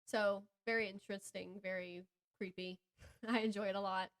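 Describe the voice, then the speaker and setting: This podcast co-host, a woman with a Southern American accent, chats casually about books in a steady, medium-pitched tone at normal speed. She wanders in her talk, breaks off mid-thought, and laughs often.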